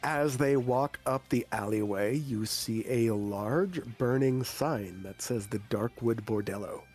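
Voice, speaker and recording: A man's voice: medium pitch, a little slow, faint music behind. Man narrating a tabletop game. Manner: descriptive, steady storytelling. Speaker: game master.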